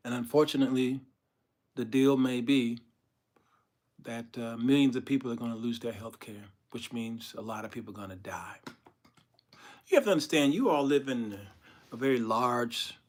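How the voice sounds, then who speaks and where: A man hosting a comedic commentary monologue, telling stories in an animated, folksy way. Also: mid-range voice. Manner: animated, laughs often, folksy storytelling. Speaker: host.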